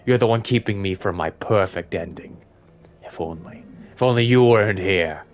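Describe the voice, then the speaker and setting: A man playing a slow, menacing villain king. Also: sits low, dull audio, close to an everyday voice. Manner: slow, hushed, threatening.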